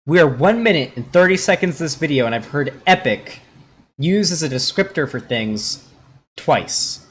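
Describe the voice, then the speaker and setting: Guy streaming a reaction, kinda high voice, sarcastic, rambles, swears. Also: animated, moderate pace, a bit bright, husky. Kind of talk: casual live-stream commentary.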